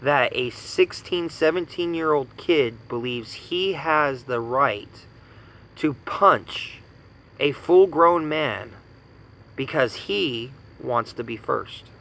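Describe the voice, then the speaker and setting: A man's voice: medium pitch, lively intonation, slow pace, vocal fry, a bit bright, low-quality recording. A man in his thirties from the United States giving an angry personal rant, indignant and profane, hammering points with repetition. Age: 30s. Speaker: vlogger ranting.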